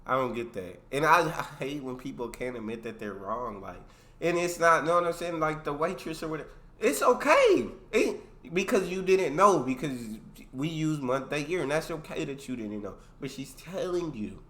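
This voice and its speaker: A man hosting a reaction video, talking in a casual, animated way and often laughing and repeating himself. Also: fairly high pitch, normal speed, roomy sound. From United States.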